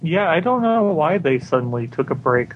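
A man's voice: fairly high pitch, big pitch swings, moderate pace, narrow, tinny audio. Man, podcast guest, hesitant casual chat, light noise.

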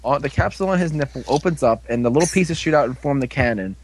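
A man casually recapping a TV episode, rambling with lots of "like"s and quick asides. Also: medium pitch, lively intonation, very noisy. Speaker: show recapper.

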